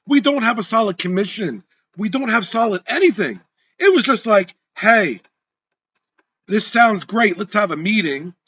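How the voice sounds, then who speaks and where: A man's voice: sits high, expressive, moderate pace, a bit bright, breathy edge, highs cut off. A man hosting a real estate podcast, telling a story as a monologue and acting out both sides of a heated argument.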